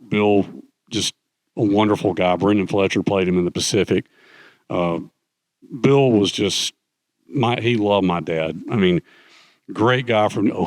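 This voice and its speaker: A middle-aged man telling anecdotes in a relaxed conversational way, animatedly acting out the voices of people he quotes. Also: lowish voice, dry recording. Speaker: guest speaker, author. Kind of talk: conversational storytelling.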